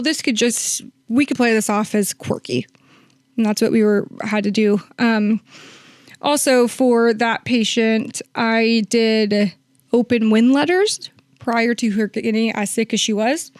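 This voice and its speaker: A woman's voice: a little high, unhurried, dry recording, studio quality. A woman working as a hospice nurse, telling a long story in a podcast interview, with many fillers and quoted lines acted out.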